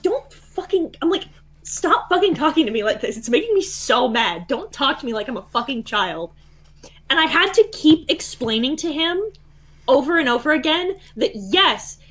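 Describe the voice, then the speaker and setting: Animated high-voiced woman telling a story. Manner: animated, swears a lot, laughs mid-story. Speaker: guest caller. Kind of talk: casual storytelling. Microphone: voice call.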